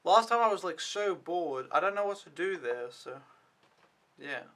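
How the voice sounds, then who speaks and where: A young man talks through his week in a loose, rambling vlog style and swears now and then. His voice sits a little high and sounds bright. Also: lively intonation, moderate pace. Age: young adult. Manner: rambling, casual, swears when annoyed. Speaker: au pair vlogger. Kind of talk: casual vlog recap.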